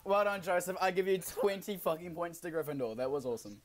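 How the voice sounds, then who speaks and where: Lively high-pitched young man gaming. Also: fast, noisy background. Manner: laughs often, swears, flustered. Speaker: gamer, channel owner. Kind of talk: casual gaming chat.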